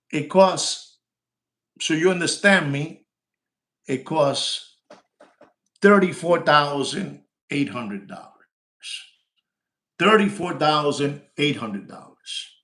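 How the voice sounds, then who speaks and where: A man hosting a live stream about luxury watches, brash and loud, mixing English with Spanish slang and repeating himself for emphasis. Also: a little high, lively intonation, slow pace, pauses often, roomy sound. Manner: repeats lines and shouts for likes. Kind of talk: casual live-stream sales talk.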